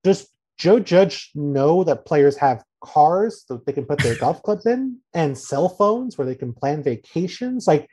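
A man hosting a sports talk podcast with a dark, mellow voice. He sounds sardonic and incredulous, stacking up sarcastic points in relaxed conversation. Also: a little high, measured pace, husky. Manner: incredulous, sardonic, reads out quotes. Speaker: podcast host. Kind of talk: casual podcast chat.

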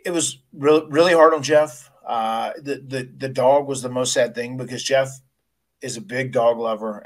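Man retelling a story, halting. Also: mid-range voice. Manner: storytelling, frequent restarts, emotional recollection. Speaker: podcast host, retired wrestler. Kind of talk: casual podcast interview.

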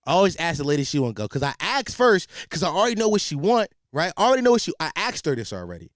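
A young man doing a comedic rant, animated and profane, full of slang and repeated restarts. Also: on the high side, racing, dry recording, clean studio sound.

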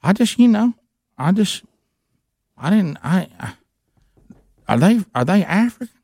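A man putting on a high folksy country guy. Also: big pitch swings, a little slow, creaky, darkish tone, dry recording, studio quality, exaggerated voice. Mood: puzzled folksy. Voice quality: drawling, folksy. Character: simple rural Southern bulldozer man.

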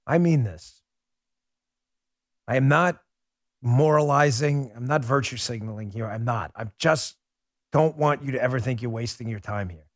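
A man's voice: mid-range voice, normal speed, dry recording, clean studio sound. A man hosting a political talk show, speaking to his listeners in a fervent monologue full of rhetorical questions. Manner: addresses listeners as folks.

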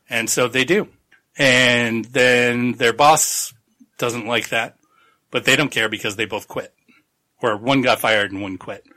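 Bright-voiced joking man recapping a novel. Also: medium pitch, steady tone, measured pace. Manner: rambling, jokey recap full of laughs and profanity. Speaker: podcast host. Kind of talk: casual book-club chat.

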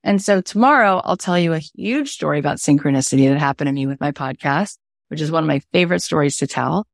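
Woman podcast coach, low voice, dry close sound, animated teaching tone. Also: fast talker, gravelly, dry recording. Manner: animated storyteller acting out quotes. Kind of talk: energetic teaching livestream.

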